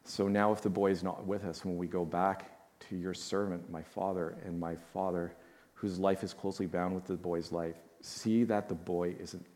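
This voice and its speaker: A man preaching a sermon, reading scripture quietly and then commenting with feeling. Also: sits low. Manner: reads slowly and softly, then comments with emotion. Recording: long hall reverb.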